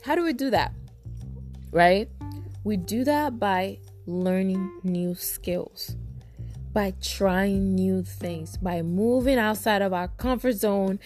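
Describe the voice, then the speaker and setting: A woman's voice: medium pitch, slow, a little mellow, soft background music. A woman hosting a self-help podcast, talking casually and emphatically to her listeners, repeating phrases for stress. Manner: talks straight to listeners as "you guys". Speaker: podcast host.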